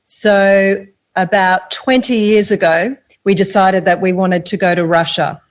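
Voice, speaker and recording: A woman's voice: medium pitch, fairly even intonation, measured pace. An older woman, a guest author telling a story steadily in an interview.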